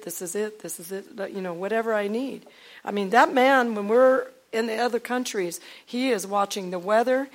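A woman with a mid-range voice leads a ministry team and shares a faith testimony with a congregation in lively storytelling fashion. She acts out quoted dialogue, swinging from loud outbursts down to near-whispers.

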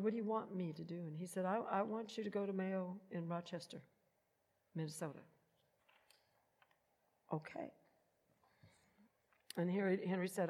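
Woman telling a story in a reverberant hall. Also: medium pitch. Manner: animated storytelling, acts out quoted voices. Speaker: speaker giving testimony. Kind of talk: personal testimony.

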